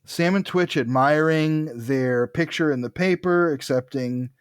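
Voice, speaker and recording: A man's voice: on the high side, a little slow, smooth, dry recording, clean studio sound. A man co-hosting a casual comic book podcast, retelling scenes and reading the characters' dialogue aloud. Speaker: podcast co-host. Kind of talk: casual chat.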